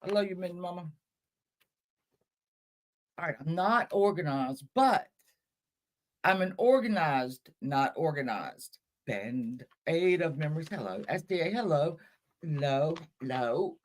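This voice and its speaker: A woman's voice: deep voice, lively intonation, a little slow, long pauses, darkish tone. A woman hosting a casual livestream, chatting with her viewers in a scattered, chatty way, with cursing and self-mocking asides. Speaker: livestream host.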